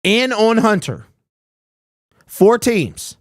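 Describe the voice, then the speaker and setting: A man's voice: high voice, big pitch swings, drawn-out words, dry recording, clean studio sound. A young man hosting a live sports talk stream, ranting bluntly, reading chat messages aloud and firing off rhetorical questions. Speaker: host.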